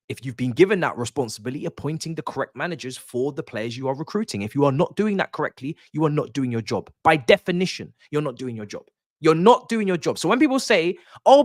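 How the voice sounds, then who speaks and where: A man's voice: mid-range voice, no room sound, clean studio sound. A young man hosting a livestream, ranting in exasperation about his football club, swearing often and repeating himself as he makes his point. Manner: repeats and restarts phrases. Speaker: livestream host. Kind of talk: casual livestream commentary.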